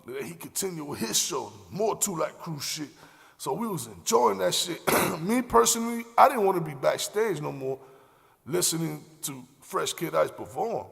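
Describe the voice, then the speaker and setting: Gravelly man telling stories. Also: fairly high pitch, lively intonation, normal speed, a bit bright. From Miami, Florida. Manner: slangy, profane, loose rambling with many fillers. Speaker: podcast host. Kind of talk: casual storytelling. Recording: long hall reverb.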